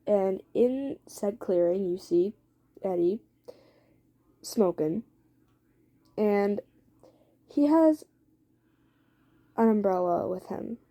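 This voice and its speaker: A woman casually narrating an improvised story to her viewers in a rambling, chatty way, swearing and filling pauses with "um.". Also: mid-range voice, lively intonation, mellow. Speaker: storyteller for listeners.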